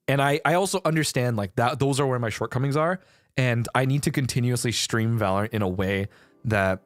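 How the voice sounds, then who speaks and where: A young man streaming, chatting casually with viewers, swearing and shouting in protest. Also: medium pitch, dry recording, clean studio sound.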